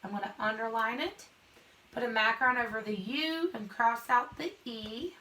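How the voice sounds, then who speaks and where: A woman's voice: fairly high pitch, moderate pace, pushed and bright. A young woman teaching an online phonics lesson, patiently walking through each word step by step.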